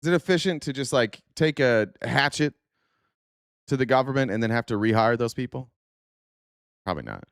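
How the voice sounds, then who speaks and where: A man's voice: mid-range voice, sing-song, normal speed, long pauses, dry recording, clean studio sound. A man hosting a political livestream, reacting to a hearing clip in an angry, profane rant aimed at his chat. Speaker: political commentary host.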